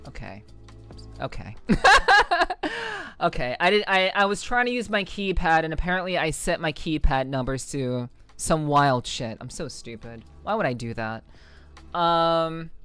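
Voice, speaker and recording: Young adult woman streamer, lowish and smooth, chats loosely, stammers and swears, soft music under the voice. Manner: swears a lot, stammering restarts. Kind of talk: casual live-stream chat.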